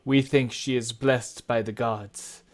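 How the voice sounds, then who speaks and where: A man voicing a huge, bearded, jovial farmer father who booms out his welcomes in a hearty, raised voice. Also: steady tone, slow, lightly acted. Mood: proud host.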